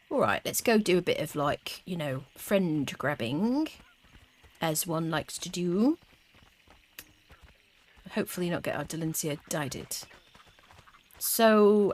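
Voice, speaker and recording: Woman, game streamer, casual chatter, lively rising and falling pitch, hums to herself. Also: a little hiss or hum. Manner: chatty, talks to chat, hums little tunes. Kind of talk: casual live gameplay commentary.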